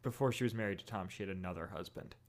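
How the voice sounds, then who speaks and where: A man co-hosting a podcast in casual chat, relaxed, recapping with quick asides. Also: sits low. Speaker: podcast co-host.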